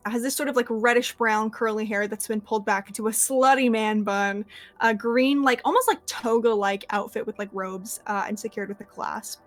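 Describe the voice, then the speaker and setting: A woman's voice: on the high side, moderate pace. Chatty woman game master, filler-heavy. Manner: rambling, filler-heavy description. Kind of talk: narrating a tabletop game.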